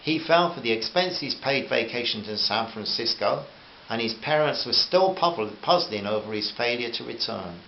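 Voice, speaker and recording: A man narrating his own novel aloud in a steady, conversational reading voice. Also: mid-range voice, normal speed, gravelly. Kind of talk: audiobook narration. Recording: roomy, dull, hissy home recording.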